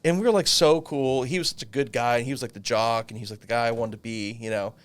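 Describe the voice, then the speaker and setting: A man in his thirties telling a long personal story in casual chat, animated and swearing freely. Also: mid-range voice, quick pace, clean tone. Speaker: podcast co-host.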